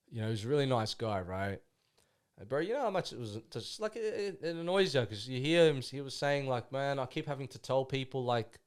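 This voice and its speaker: A young Australian man, a podcast guest, talking casually and rambling, full of slang and "bro". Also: mid-range voice. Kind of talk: casual conversation.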